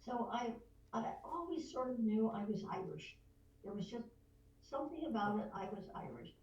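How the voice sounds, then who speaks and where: An older veteran voice actress, a podcast guest, telling lively anecdotes and slipping into voices. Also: female voice, on the high side, moderate pace, muffled recording. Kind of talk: storytelling in a podcast interview. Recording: roomy distant mic, faint noise.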